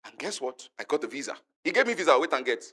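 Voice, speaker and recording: A man with a Nigerian accent telling a lively testimony at a conference, acting out the voices of the people he quotes and calling out to the audience. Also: fairly high pitch, quick pace. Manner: lively storytelling, acts out quotes, calls to the audience. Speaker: conference speaker. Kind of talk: animated testimony talk.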